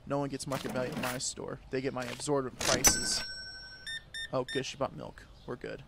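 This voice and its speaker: Crude, sarcastic young man yelling at a game. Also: medium pitch, a little fast, vocal fry, very noisy. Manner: crude, sarcastic, swears a lot, yells at customers; jumps between mutters and loud outbursts. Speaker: gaming video creator. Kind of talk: casual gameplay commentary.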